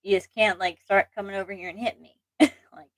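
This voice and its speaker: A woman's voice: medium pitch, steady tone, a little fast, fairly bright tone, dry recording, rough recording. A young woman hosting a casual livestream chat, rambling and self-deprecating, with restarts, laughs and an occasional allergy cough. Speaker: channel host.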